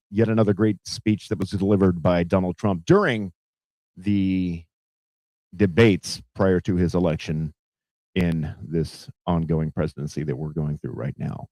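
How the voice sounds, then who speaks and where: A man's voice: deep voice, fairly even intonation, measured pace, warm tone, dry recording. A man hosting a casual news commentary show, rambling and profane, with heavy fillers. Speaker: podcast host.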